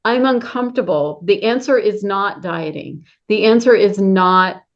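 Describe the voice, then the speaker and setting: A woman's voice: medium pitch, unhurried. Female host, candid and personal, mid-range voice, muffled lo-fi recording. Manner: candid and personal, laughing easily. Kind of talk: casual conversation. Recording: dull lo-fi sound.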